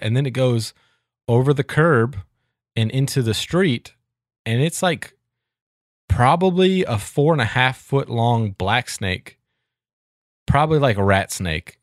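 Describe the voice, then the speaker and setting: A man's voice: mid-range voice, animated, unhurried, pauses often, no room sound, clean studio sound. A man, co-hosting a podcast in a chatty way and laughing easily. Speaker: podcast co-host. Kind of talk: casual chat.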